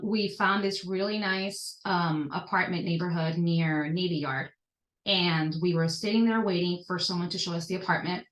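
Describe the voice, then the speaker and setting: Animated woman in an echoey room. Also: moderate pace. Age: 30s. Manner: animated, leaps up in pitch when emphatic. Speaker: podcast guest. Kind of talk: personal storytelling in conversation.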